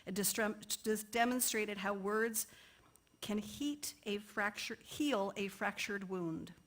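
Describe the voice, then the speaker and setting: A woman's voice: mid-range voice, slow, a bit bright. A woman poet giving an earnest talk in a church, now and then stumbling over words. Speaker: lay speaker and poet.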